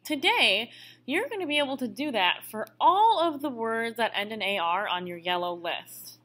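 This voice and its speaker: A woman's voice: fairly high pitch, lively intonation, normal speed, bright, forceful tone. A woman teaching a recorded language lesson who explains each step patiently. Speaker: Spanish teacher.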